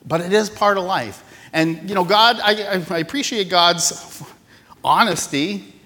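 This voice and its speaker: A male pastor giving a casual, self-deprecating sermon with many pauses and restarts. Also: high voice, pushed and bright. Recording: reverberant church hall.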